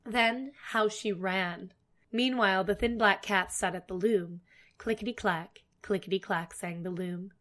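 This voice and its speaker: A woman narrating a fairy tale aloud, expressive and dramatic. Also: mid-range voice, measured pace. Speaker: storyteller. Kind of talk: storybook narration.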